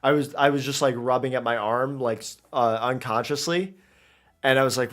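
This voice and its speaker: A man's voice: medium pitch, fairly even intonation, a little fast. A man giving casual, rambling commentary while streaming a game, chatty and self-interrupting, into a desk mic.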